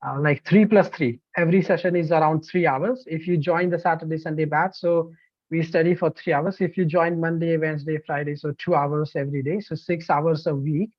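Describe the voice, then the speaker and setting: A man, a language-teaching trainer, presenting an online course in an animated, emphatic way with frequent fillers. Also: fairly high pitch, fairly quick, dry recording, highs cut off. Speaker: TEFL trainer.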